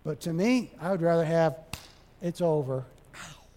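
Male pastor, high voice, lively sermon delivery that jumps between loud and quiet, long reverb of a big hall. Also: normal speed. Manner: animated, acts out dialogue, shifts from loud to soft.

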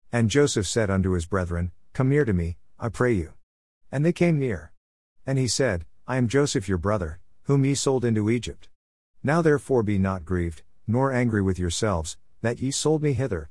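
A man reading scripture aloud in a steady, measured recitation. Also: fairly low pitch, no room sound, studio quality. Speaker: scripture reader.

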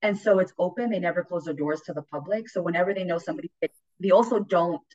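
Animated woman telling stories on a podcast. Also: on the low side, fast, muffled recording. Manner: animated, acts out quoted voices, swears. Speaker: podcast host. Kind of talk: casual storytelling chat.

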